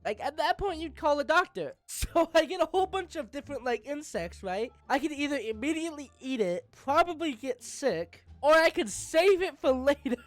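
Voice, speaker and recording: A woman's voice: high-pitched, animated, normal speed, few pauses, no echo. A woman playing a text game, reading its lines aloud and adding playful, giggly asides. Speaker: gamer.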